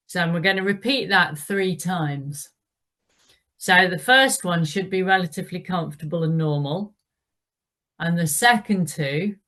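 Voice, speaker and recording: Casting: female cycling instructor, low voice, unhurried, encouraging cues between efforts. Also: fairly bright tone. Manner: encouraging, calls out the rhythm. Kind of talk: indoor cycling class instruction.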